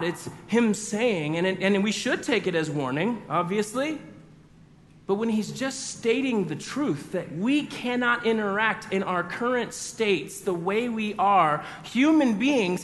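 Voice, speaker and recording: A man preaching a sermon, animated and telling the story with acted-out voices. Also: sits high, in a large hall. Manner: animated storyteller acting out quotes. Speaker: pastor.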